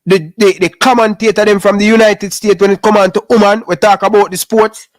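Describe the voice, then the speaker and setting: Man, Jamaican accent, high voice, dry close sound, animated, says "brother" a lot. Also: fairly quick, dry recording. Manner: animated, repeats "brother" often. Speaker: podcast co-host. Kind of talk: heated casual sports chat.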